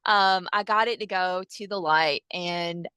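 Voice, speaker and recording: A woman, a hypnosis practitioner telling session stories in a lively way, with many fillers and quoted dialogue. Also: fairly low pitch, measured pace, smooth, no room sound. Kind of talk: animated storytelling in casual chat.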